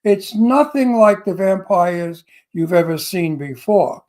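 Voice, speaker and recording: A man with a thick Brooklyn accent co-hosts a chatty interview show. He talks in a boisterous, emphatic way, and his voice sits high for a man. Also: animated, slow, darkish tone, poor audio. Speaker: co-host. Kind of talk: casual radio interview chat.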